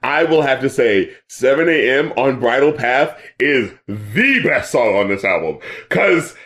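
A man's voice: medium pitch, animated, unhurried, a bit bright. A man co-hosting a casual podcast chat, loose and profane, laughing often and acting out reactions. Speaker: podcast co-host reviewing albums.

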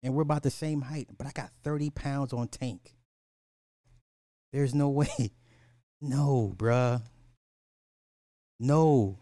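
A man's voice: mid-range voice, slow, pauses often, dark tone, dry recording, studio quality. A man hosting a podcast, rambling in casual commentary, laughing and apologizing for going off track. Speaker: podcast host.

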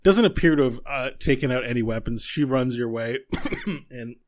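A man narrating as game master of a tabletop game, telling the scene with animated energy and frequent laughter. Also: medium pitch, normal speed. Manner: animated storytelling, laughs often.

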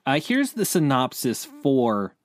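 A young man hosts an entertainment news podcast in a loose, chatty way, full of "um"s and sudden quick bursts. His pitch sits in an ordinary middle range. The mic is close and dry. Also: huge pitch swings, no echo. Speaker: podcast co-host, editor-in-chief. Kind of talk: casual podcast chat about entertainment news.

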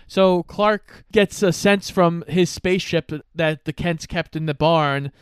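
A man's voice: on the high side, unhurried, clean tone, no room sound, clean studio sound. A young adult man co-hosting a casual movie recap. He walks through the plot in a laid-back way and mildly defends the story. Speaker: podcast co-host.

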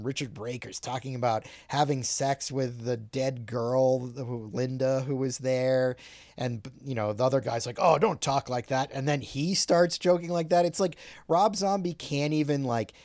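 A man's voice: mid-range voice, a little mellow, no echo, clean studio sound. A man co-hosting a podcast, chatting casually and a bit profanely as he recaps movie scenes at length. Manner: laid-back, profane, recounts scenes at length. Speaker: podcast co-host.

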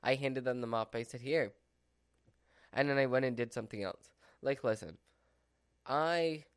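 A man's voice: mid-range voice, clear, resonant tone, dry recording, studio quality. A man vlogging from home in a rambling casual chat, full of "like" and "so" fillers. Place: at home with his dog. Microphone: mic within his dog's reach.

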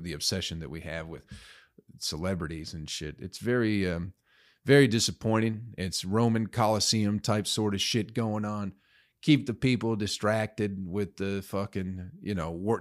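A young man hosting a solo podcast, ranting crudely and sarcastically with profanity and sudden loud outbursts. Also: fairly low pitch. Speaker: podcast host.

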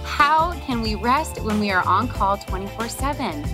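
A woman co-hosting a parenting podcast in a warm, chatty scripted manner. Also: on the high side, animated, normal speed. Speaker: podcast co-host, blogger. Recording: guitar music underneath.

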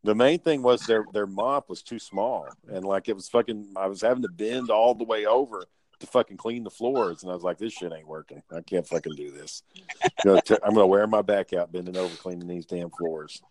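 Man, low voice, profane, laid-back, dry close sound. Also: a little fast, few pauses, a little mellow, no echo. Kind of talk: casual chat.

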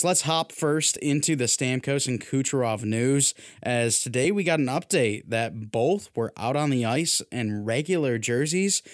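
A man hosting a casual sports podcast, chatting in a relaxed way and laughing easily. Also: mid-range voice, dry recording, studio quality. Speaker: podcast host.

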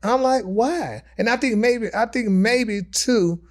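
A man's voice: extremely high pitch, a little slow. A man, a podcast guest, talking frankly and sassily in casual chat. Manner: sassy and frank, says "honey".

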